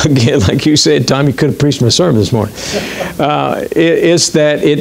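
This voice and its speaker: A middle-aged man preaching a sermon as pastor in a church, talking conversationally and haltingly with many fillers and restarts. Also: medium pitch, gravelly, slight background noise.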